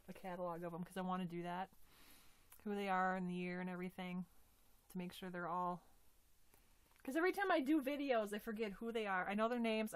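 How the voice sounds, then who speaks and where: A woman unboxing gifts in a casual vlog, gushing with excitement and often dropping to a whisper. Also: mid-range voice. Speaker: doll collector unboxing gifts.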